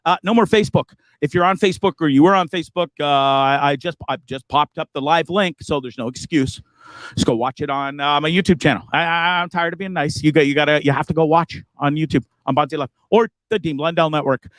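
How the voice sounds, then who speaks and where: A man's voice: fairly high pitch, brisk, fairly bright tone, no room sound. A man hosting his livestream in a casual, profane, joking, rambling way. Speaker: livestream host.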